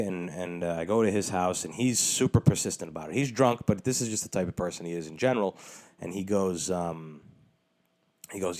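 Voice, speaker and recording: Male podcast host, lowish voice, swearing storyteller, animated and exasperated, casual solo monologue. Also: brisk.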